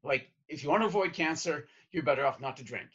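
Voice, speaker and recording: A male podcast host with a fairly high, bright voice and a husky edge. He speaks hesitantly, with stammering starts. The recording sounds dull and lo-fi. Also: expressive, fast. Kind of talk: podcast conversation.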